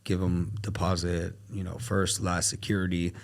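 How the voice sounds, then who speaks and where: A man talking as a podcast guest in casual storytelling, animated and acting out the dialogue he quotes. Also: deep voice, moderate pace, creaky. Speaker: podcast guest, luxury car dealer.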